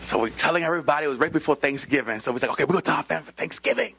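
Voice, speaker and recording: A man, preaching a sermon and telling a personal story, acting out voices with sudden high jumps and dropping into whispers. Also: very fast, a bit bright, husky, poor audio. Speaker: pastor. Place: church.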